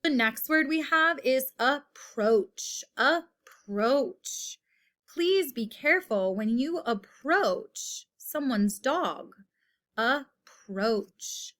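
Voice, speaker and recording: Female teacher, slightly high voice, slow deliberate delivery for a children's word lesson. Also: lively intonation, fairly bright tone. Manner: slow, patient, repeats each word with example sentences.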